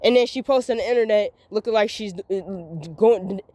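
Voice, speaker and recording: A woman's voice: on the high side, fairly even intonation, normal speed, warm tone, no room sound. A woman, venting in a rambling, repetitive, emphatic monologue recorded as a voice memo. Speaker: vlogger.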